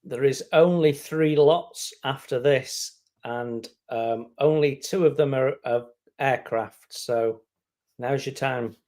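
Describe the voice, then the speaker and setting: A man's voice: medium pitch, darkish tone. A man co-hosting a charity auction, calling out the bids and teasing the bidders in casual chat. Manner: joking, teasing, brisk. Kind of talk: casual live-stream chat.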